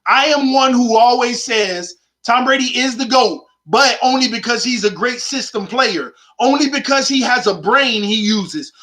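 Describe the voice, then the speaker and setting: A man's voice: extremely high pitch, bright, forceful tone. A man hosting his own sports channel, arguing his points emphatically and repeating them for effect in casual commentary.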